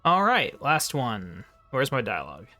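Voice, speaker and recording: Male let's-play host, muttered asides, lively pitch, faint game music. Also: measured pace. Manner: mumbles quiet asides, sometimes whispers. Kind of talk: casual gameplay commentary. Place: at home late at night.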